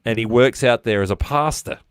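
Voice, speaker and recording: A man's voice: mid-range voice, fairly quick, smooth, dry recording, clean studio sound. An Australian man hosting a casual interview livestream over a video call, telling rambling stories with lots of fillers. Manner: chatty storyteller, rambling with fillers. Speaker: livestream host.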